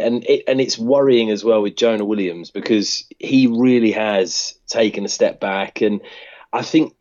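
A man's voice: lowish voice, darkish tone, lo-fi sound. A man co-hosting a casual sports podcast, loose and slangy. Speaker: podcast co-host.

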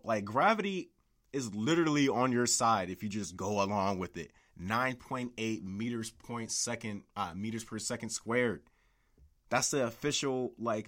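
A man's voice: lowish voice, fairly bright tone. A young man hosting a solo podcast, rambling and swearing a lot, with constant filler words. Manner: rambling, profane, heavy use of "like". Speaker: podcast host. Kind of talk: casual solo podcast rant.

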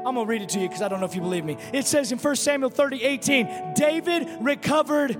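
Man, very high voice, passionate sermon, long hall reverb, music underneath. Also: fast, hardly any pauses. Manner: impassioned, builds to shouting. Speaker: pastor.

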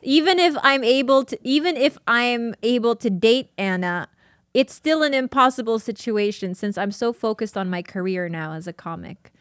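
A woman's voice: medium pitch, normal speed, fairly bright tone, no room sound. A woman with a middle-range voice reads an old diary aloud on a podcast, moved by what she reads. The sound is close and dry, with no room around it. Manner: emotional, laughing and tearing up while reading. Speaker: podcast host. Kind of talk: reading a diary aloud and chatting.

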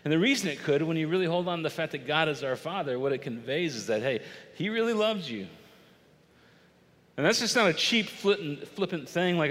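A middle-aged man preaching a sermon in a lively, conversational way, acting out little bits of dialogue. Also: fairly high pitch, a little fast. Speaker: pastor. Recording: long reverb of a large hall.

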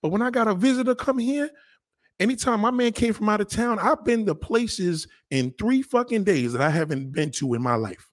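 A man from New York City, with the accent to match, delivers a casual, profane monologue, animated and swearing as he mimics other people. His voice is high-pitched at a moderate pace, in a dry, clean studio recording.

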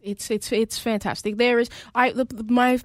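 A woman's voice: fairly high pitch, fairly even intonation, moderate pace, no room sound, studio quality. A woman co-hosting a sports radio show, bubbly and talkative, often tripping over her words. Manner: bubbly, stumbles and repeats words. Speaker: radio co-host. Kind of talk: casual radio chat.

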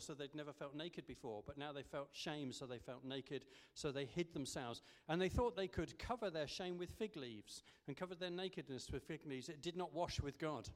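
Guy preaching at a church service, slightly high voice, lots of ums, long echo. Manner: conversational, with frequent ums and restarts. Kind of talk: sermon. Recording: echoey church hall.

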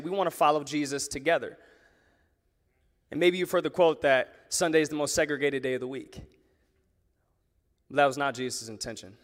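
A pastor preaching a sermon to a church audience, talking in a lively, conversational way and leaning on rhetorical questions. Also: male voice, on the high side. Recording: long reverb of a large hall.

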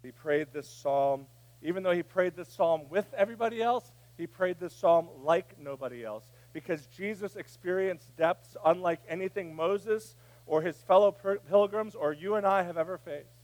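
A man preaching a sermon, dropping to a hush and then rising to a shout. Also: sits high, normal speed. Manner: preaching, swinging from hushed to shouting. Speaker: pastor.

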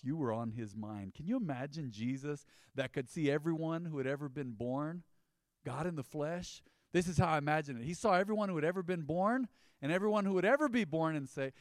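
A man's voice: fairly high pitch, brisk, no room sound, clean studio sound. A man preaching a sermon as pastor, in an emphatic, conversational style with rising bursts.

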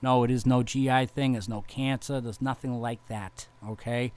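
Young male metal bassist from Massachusetts, casual, swears constantly, rambling and sincere. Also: steady tone, moderate pace, a little mellow, smooth. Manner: profane, rambling, heartfelt, lots of fillers. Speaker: touring metal bass player. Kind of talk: casual vlog thank-you message.

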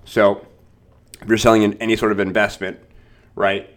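A man's voice: on the low side, level tone, moderate pace, a bit bright. A young adult man hosting a casual sales-training podcast, talking loosely and acting out short exchanges with clients. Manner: loose, conversational, acts out short client dialogues.

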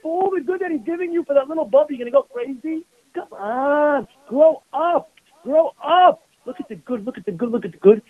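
A man's voice: very high-pitched, animated, a little fast, no room sound. A rabbi giving a passionate sermon, mixing Hebrew terms into his preaching. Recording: tinny phone-like radio broadcast.

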